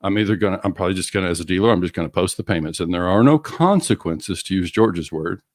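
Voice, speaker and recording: A man's voice: low-pitched, animated, quick pace, dry recording, studio quality. A middle-aged man co-hosting a business podcast, explaining with examples and acting out customer conversations. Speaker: co-host, auto finance coach.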